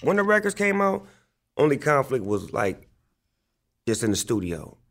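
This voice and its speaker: Here the rapper's voice is mid-range and fairly bright, very animated but at normal speed. He tells loose, profane interview stories, leaning on fillers and saying "like" often.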